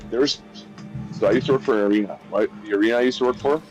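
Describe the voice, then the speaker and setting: A man's voice: mid-range voice, rapid-fire, darkish tone, lo-fi sound, soft background music. A man chatting casually during a gaming session, rambling and often repeating and restarting his sentences. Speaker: streamer chatting while gaming.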